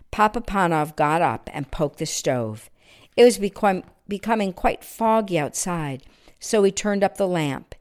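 A woman reading a Christmas story aloud, expressive, sometimes dropping to a near-whisper. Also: on the low side, a little slow.

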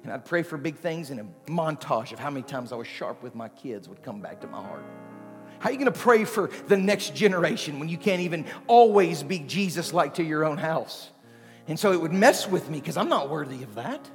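Male pastor, higher voice, animated sermon delivery, long hall reverb, faint music behind. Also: fast talker. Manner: animated, shifting from quiet to shouting. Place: church sanctuary.

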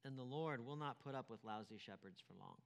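A man's voice: medium pitch, fairly quick, creaky, in a large hall. A man preaching a sermon as pastor, emphatic, repeating key phrases and asking rhetorical questions.

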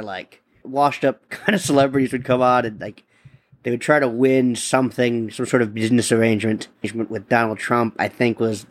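A male podcast host and stand-up comedian talks in a loose, profane monologue. His voice sits at an ordinary middle pitch, and he rambles, restarts sentences and swears freely as he rants.

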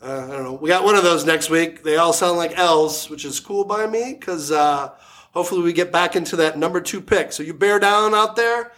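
A man's voice: a little high, a little fast, fairly bright tone. A man hosting a casual sports podcast, joking crudely and laughing often. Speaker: podcast host.

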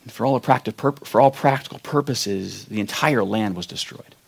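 A man preaching a sermon, retelling a Bible story with acted-out quotes and loud, emphatic peaks. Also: fairly low pitch, moderate pace, gravelly, slightly rough. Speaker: pastor.

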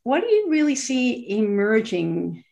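A woman's voice: fairly high pitch, big pitch swings, unhurried, vocal fry, darkish tone. A middle-aged woman hosting a podcast, introducing her guest in an earnest, searching way, with fillers and restarts. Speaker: podcast host.

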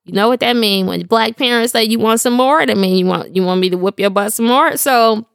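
A woman's voice: mid-range voice, a little fast, vocal fry, clear, resonant tone, dry recording, studio quality. A middle-aged woman telling a humorous devotional story in a slangy, playful way, often laughing. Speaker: devotional speaker.

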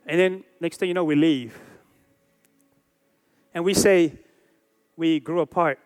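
A man's voice: a little high, steady tone, unhurried, darkish tone, smooth, soft background music. A pastor in his forties preaching a sermon with emphatic, repeated phrases and rhetorical questions. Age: 40s.

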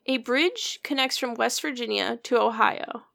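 A woman from Michigan trades jokes in a relaxed podcast chat. Her voice is fairly high with a lot of gravelly fry running through it. She keeps the banter quick and teasing. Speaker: podcast co-host. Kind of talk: casual chat.

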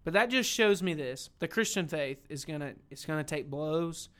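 A young man, co-hosting a church podcast in a casual, animated Bible discussion, acting out quotes as he goes. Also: on the high side, moderate pace. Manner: animated, acts out quotes, says "dude".

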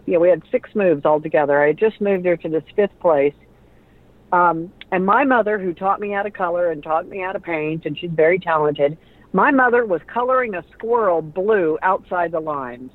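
A woman's voice: lowish voice, normal speed. Woman telling stories over a tinny line. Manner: animated storyteller who acts out quoted voices. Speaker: radio personality and author guest. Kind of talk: conversational storytelling interview. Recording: tinny phone-like line, dry.

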